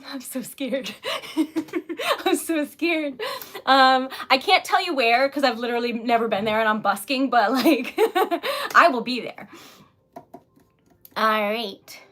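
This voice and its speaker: A woman's voice: fairly high pitch, very animated, measured pace, a bit bright. A young woman with a Rhode Island accent, chatting casually on a livestream with viewers, giggly and easily sidetracked. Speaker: livestreaming poet and craft seller.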